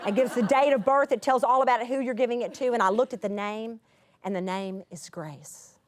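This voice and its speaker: A woman's voice: fairly high pitch, quick pace, a little hiss or hum. Middle-aged woman telling a heartfelt story. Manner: expressive, swings between lively and hushed. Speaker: Bible teacher. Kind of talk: emotional storytelling talk.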